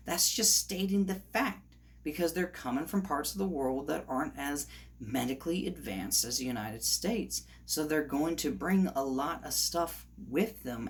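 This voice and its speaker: A man giving a heated opinion monologue on his vlog, ranting and sometimes rising to shouts. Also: fairly high pitch. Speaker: commentator.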